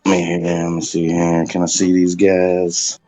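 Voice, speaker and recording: Rambling low-voiced player, dry sound. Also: male voice, completely flat delivery, unhurried, warm tone, no room sound, soft background music. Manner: loose, rambling, swearing. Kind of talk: casual tabletop play.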